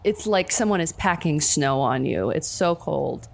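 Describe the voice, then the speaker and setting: Woman, slow, low-pitched, soft-spoken, tabletop role-play narration. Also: animated, gravelly, slight background noise. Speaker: player.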